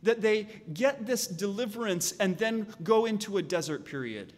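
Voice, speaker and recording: A male pastor preaching with a high, light voice that rings through a reverberant hall. He is animated and slips into the voices of the people in his story as he tells it. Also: normal speed. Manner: animated, acts out voices of the Israelites and God. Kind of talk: sermon.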